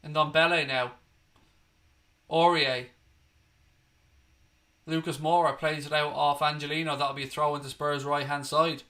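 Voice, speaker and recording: A man's voice: a little high, level tone, a little slow, pauses often, sharp tone. A young Irish man from Ireland hosting a football watchalong, giving live play-by-play mixed with blunt, sweary opinions and bursts of outrage. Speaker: watchalong host. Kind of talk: live match commentary and chat.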